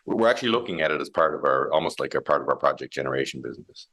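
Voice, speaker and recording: A man's voice: extremely low pitch, lively intonation, racing, a bit bright. A man who heads a mining company, explaining his ideas in a thoughtful interview with many restarts and fillers. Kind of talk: conversational interview.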